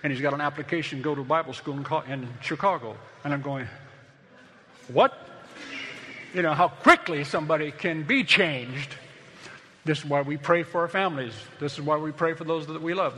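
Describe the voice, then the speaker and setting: A man's voice: fairly high pitch, pushed and bright, big-room sound, a little hiss or hum. A middle-aged man, a pastor, preaching a sermon in a conversational, storytelling way that builds to emphatic points.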